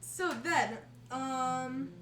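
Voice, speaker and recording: A woman's voice: high-pitched, very slow, reverberant, far from the mic, noisy background. A woman narrating as game master on a video call, giggly and easily flustered.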